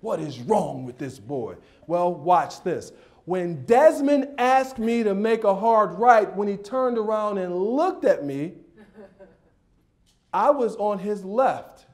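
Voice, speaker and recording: A man from Detroit giving a humorous storytelling speech at a banquet dinner, animated, acting out voices and rising to shouts. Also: high-pitched, slow pace. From Detroit, USA. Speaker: motivational speaker.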